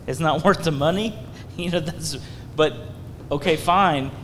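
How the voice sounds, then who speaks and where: Man, higher voice, quick halting speech, heard from a distance, hall reverb, faint rumble. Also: fairly bright tone.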